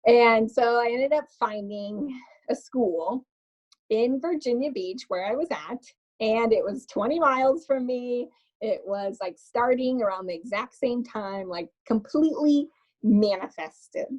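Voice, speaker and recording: A woman's voice: a little high, a little slow, a little mellow, muffled recording. A woman guest on a podcast telling her story in a casual, chatty way, laughing often and filling her speech with little fillers. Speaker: podcast guest, makeup artist.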